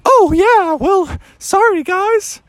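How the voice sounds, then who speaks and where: Guy doing a super high squeaky little tiger dude, wild and happy, careless surfer kid. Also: takes it slowly, a bit bright, dry recording, full character voice. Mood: sheepish. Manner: squealing, gleeful. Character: reckless cheerful young male tiger surfer.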